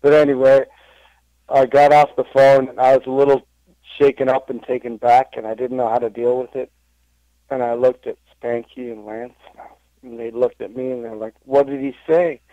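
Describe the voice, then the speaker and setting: A man's voice: medium pitch, little pitch movement, moderate pace, mellow, dry recording, lo-fi sound. A man being interviewed on a podcast, rambling through stories with lots of fillers and restarts. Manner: rambling storytelling, full of fillers and self-corrections. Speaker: interview guest, wrestling impressionist.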